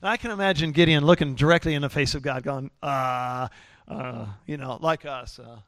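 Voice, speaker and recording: A man's voice: fairly high pitch, fast, a bit bright, no room sound, clean studio sound. A middle-aged man preaching a sermon in a folksy, joking way with lots of fillers. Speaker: pastor.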